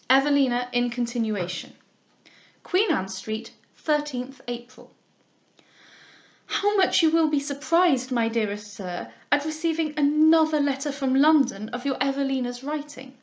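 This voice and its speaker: A woman's voice: high-pitched, animated, unhurried. A woman reading a classic novel aloud, arch and playful in her asides. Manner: arch and playful when chatting.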